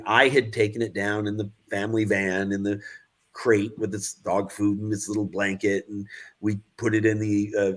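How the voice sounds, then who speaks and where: A man's voice: fairly low pitch, fairly bright tone. A man around sixty, a guest filmmaker, telling anecdotes in a casual interview and acting out the voices of the people in them.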